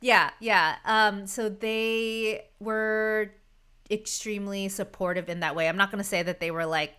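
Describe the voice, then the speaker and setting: Woman guest, thirties, clear bright voice, emotional, laughs often. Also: medium pitch, fairly even intonation, unhurried. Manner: emotional, laughing between sentences. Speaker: podcast guest. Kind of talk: casual conversation.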